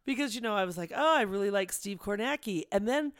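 A podcast co-host from the United States talks in a casual, enthusiastic way and laughs often. The voice is smooth and clear at a middle pitch. It is recorded close and dry. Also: lively intonation, fast, a bit bright, no room sound. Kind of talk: casual chat.

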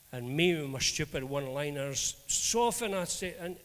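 Scottish preacher guy, high voice, lively storytelling sermon, big echoey church hall. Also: normal speed, few pauses. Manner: animated, acts out dialogue in anecdotes. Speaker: minister.

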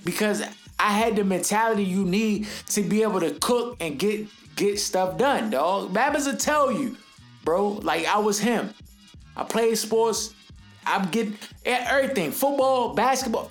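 A man hosting a podcast, giving a casual, emphatic and rambling sports commentary, forever calling the listener dog and bro. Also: high-pitched. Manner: rambling, with many restarts. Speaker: podcast host.

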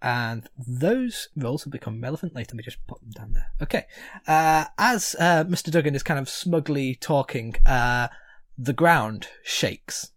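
Relaxed gm narrating the scene, mid voice, dry close mic. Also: medium pitch, moderate pace, no echo. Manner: relaxed, chatty, laughs often. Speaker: game master. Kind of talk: narrating a tabletop game.

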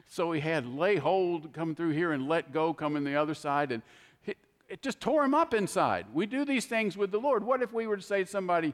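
An older man preaching a sermon, telling folksy stories in an animated, heartfelt way. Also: high voice, normal speed, big-room sound. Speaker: pastor.

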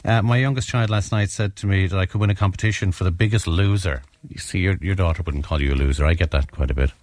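A man's voice: low-pitched, fast, darkish tone, dry recording. A middle-aged Irish man co-hosting a radio show, telling long chatty stories with plenty of restarts and corrections. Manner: rambling, self-correcting anecdotes. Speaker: radio co-host. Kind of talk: casual storytelling chat.

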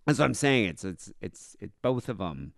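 An American man co-hosting a crude comedy podcast, joking and animated, dropping "like" often. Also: fairly low pitch, moderate pace, gravelly, no echo, studio quality. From United States. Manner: animated, jokey, says "like" often. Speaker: podcast co-host.

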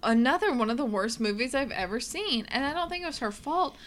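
A woman's voice: sits high, animated, a little fast, fairly bright tone. A woman co-hosting a podcast in casual chat, emphatic and opinionated. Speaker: podcast co-host.

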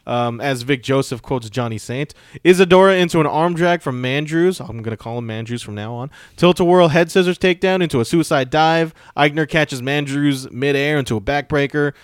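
A man co-hosting a casual podcast, reading through his notes with quick asides and jokes. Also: fairly high pitch, clean tone, no room sound, clean studio sound. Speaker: podcast co-host recapping wrestling. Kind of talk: casual recap chat.

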